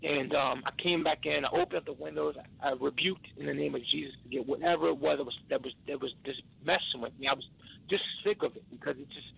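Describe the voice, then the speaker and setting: A tired man, a podcast guest, telling an emotional personal story in an earnest, halting way with many restarts. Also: fairly high pitch, steady tone, gravelly, husky, dry recording. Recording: tinny phone line.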